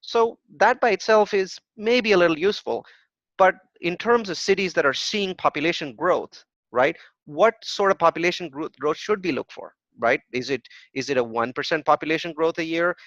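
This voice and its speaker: A man's voice: fairly high pitch, moderate pace, fairly bright tone, dry recording. Emphatic male real estate workshop instructor. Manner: emphatic, asks rhetorical questions and answers them; tags points with "right?". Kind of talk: live workshop presentation with web demos. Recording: dull, dry lo-fi recording.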